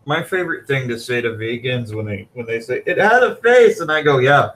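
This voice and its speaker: A man's voice: medium pitch, a little fast, fairly bright tone, slight background noise. A man in a casual podcast chat, making dry, laid-back jokes.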